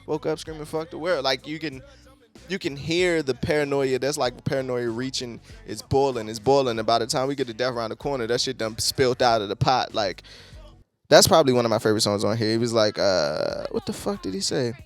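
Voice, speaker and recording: Casual male album reviewer, mid-pitched, salty and rambling, faint beat underneath. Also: brisk, soft background music. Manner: loose, profane, heavy on "like". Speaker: music reviewer.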